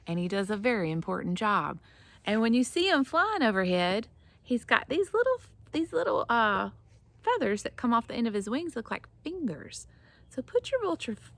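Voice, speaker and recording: A woman's voice: mid-range voice, fairly bright tone, no room sound. A woman teaching young children in a playful, encouraging way, leading counting games. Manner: playful and encouraging, slow and sing-song.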